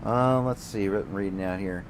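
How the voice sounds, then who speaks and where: A man's voice: low voice, normal speed, low-quality recording. Profane ranting man, faint hum behind. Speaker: gaming streamer. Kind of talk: casual ranting commentary while gaming.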